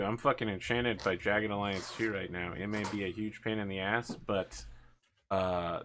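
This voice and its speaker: A man's voice: fairly low pitch, a bit bright, slight background noise. A man running a tabletop game as game master, mixing teasing banter with scene narration.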